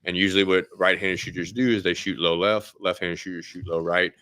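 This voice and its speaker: A man's voice: sits low, steady tone, brisk, bright, forceful tone, dry recording. A man working as a firearms instructor, casually explaining a drill step by step with frequent fillers.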